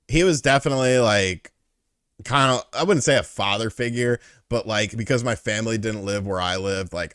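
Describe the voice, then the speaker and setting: Man telling animated, profane stories. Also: low-pitched, dry recording, clean studio sound. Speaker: host. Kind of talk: casual interview chat.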